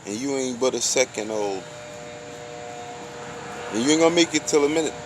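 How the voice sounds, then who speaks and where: A man's voice: mid-range voice, expressive, normal speed, noisy background. A man giving a loose, slangy street monologue, preaching and firing off rhetorical questions.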